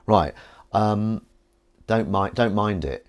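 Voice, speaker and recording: A man's voice: on the low side, slow, pauses often. A man hosting a live stream at home, talking in a rambling, playful, self-mocking way. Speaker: livestream host. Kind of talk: casual live-stream chat.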